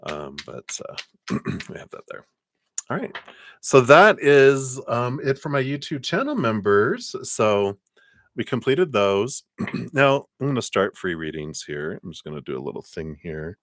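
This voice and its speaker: A man giving live tarot card readings on a stream, chatty, laughing often and dropping into quiet asides. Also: medium pitch, sing-song, unhurried, no echo. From Colorado. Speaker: tarot reader.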